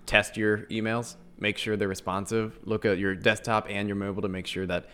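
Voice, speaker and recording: A man's voice: fairly low pitch, flat delivery, brisk, fairly bright tone, clean tone. Man, podcast co-host, casual chat, laughs a lot, counts off his points. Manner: laughs often, lists points by number.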